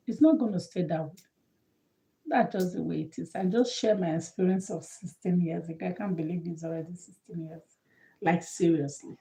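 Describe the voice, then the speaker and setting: A woman's voice: lowish voice, mellow, rough recording. A woman giving a motivational monologue, earnest and emphatic, who keeps repeating her key points. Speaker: motivational speaker.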